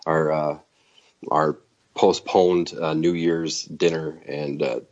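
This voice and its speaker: Deep-voiced halting new dad, lo-fi. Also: male voice, level tone, darkish tone. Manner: halting, filler-heavy storytelling. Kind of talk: casual podcast chat. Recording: dull lo-fi sound.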